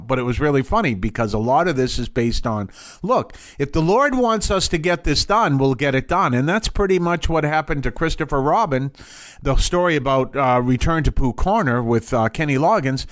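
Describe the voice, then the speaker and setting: A man's voice: fairly high pitch, dry recording, studio quality. A man hosting a podcast, telling stories in a casual, rambling way with restarts and chuckles. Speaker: podcast host. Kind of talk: casual storytelling.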